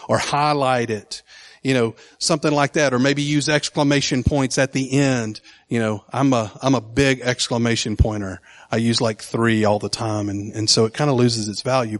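A man teaching from the Bible in a casual, enthusiastic way, with frequent fillers and restarts. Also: mid-range voice. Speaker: preacher.

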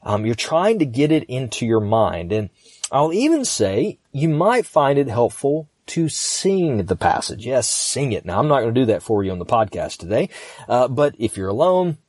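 A man hosting a podcast, calmly walking listeners through a Bible passage in practical, instructional steps with the occasional um. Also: medium pitch, moderate pace, no room sound, studio quality. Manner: calm, practical, instructional, with fillers. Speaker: pastor and podcast host.

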